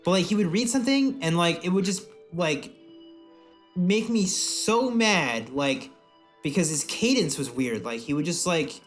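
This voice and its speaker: A man co-hosting a podcast in casual chat, animated and profane, often laughing. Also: high-pitched, measured pace, faint music behind. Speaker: podcast co-host.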